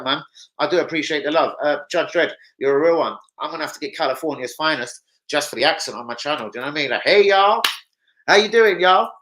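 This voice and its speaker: A man chats loosely on his football livestream, jumping between opinions and viewer shout-outs with plenty of swearing. His voice is bright and forceful, set a touch high for a man. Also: a little hiss or hum, low-quality recording. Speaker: football channel host. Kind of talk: casual livestream chat.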